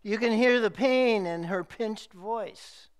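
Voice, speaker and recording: A middle-aged male pastor delivering a sermon in a slow, measured preaching manner with emphatic repeated phrases. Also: sits high.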